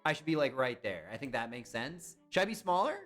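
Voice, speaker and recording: Young man, casual stream chat, lively swooping voice, bright tone, swears when excited. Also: medium pitch, a little fast, faint music behind. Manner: excitable, swears and yelps at misses.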